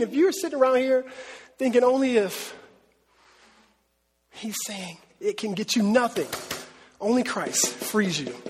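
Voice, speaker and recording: A man with a high, slightly husky voice preaches in a relaxed, conversational way, slipping into quoted voices and laughing as he goes. His voice carries the long reverb of a large hall. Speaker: pastor. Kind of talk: sermon.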